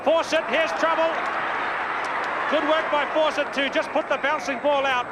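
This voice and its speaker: A man giving brisk live rugby play-by-play commentary, lifting his voice on big plays, from a worn old videotape broadcast. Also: very high voice, steady tone. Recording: worn old VHS broadcast with crowd noise.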